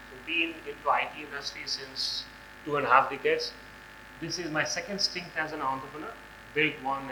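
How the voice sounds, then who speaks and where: A man, hoarse from a cold, giving a conference talk with many fillers and restarts. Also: mid-range voice, pushed and bright, reverberant, a little hiss or hum, rough recording. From India. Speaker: guest speaker. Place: large hall on stage.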